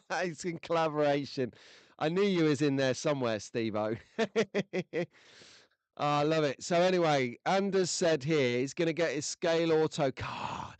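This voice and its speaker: A man's voice: a little high, a little slow, smooth, dry recording. A man hosting a casual livestream, chatting to viewers and reading their comments in a jokey, rambling way with lots of fillers. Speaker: livestream host. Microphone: desk microphone close to the face.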